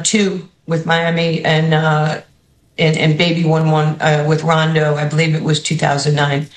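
A woman's voice: low voice, echoey room, poor audio. A woman with a New York accent, a basketball head coach telling stories in an interview and acting out the people in them. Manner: animated, acts out the people in her stories. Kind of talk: storytelling interview answers.

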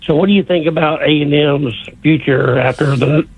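A man's voice: fairly high pitch, normal speed, slightly rough. A man calling in to a sports radio show, asking casual, direct questions. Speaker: caller. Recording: tinny phone line.

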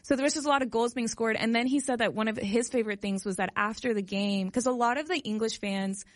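A woman's voice: fairly high pitch, quick pace, no room sound. Chatty woman co-host, dry studio sound. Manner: chatty storytelling, fillers of "like". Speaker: radio show co-host. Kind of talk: casual radio chat.

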